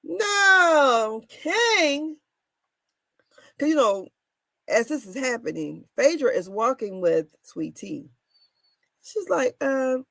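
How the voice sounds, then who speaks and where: Animated woman recapping reality TV gossip. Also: high voice, drawn-out words, creaky, long pauses, no room sound. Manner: animated storytelling, laughs often, swings loud and soft. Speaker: commentary show host.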